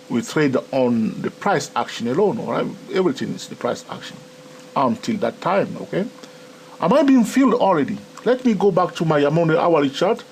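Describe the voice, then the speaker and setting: A man with a non-native English accent teaching a live trading tutorial, animated and chatty, often checking in with "okay?" and "my friend". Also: on the high side, slight background noise. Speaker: trading educator.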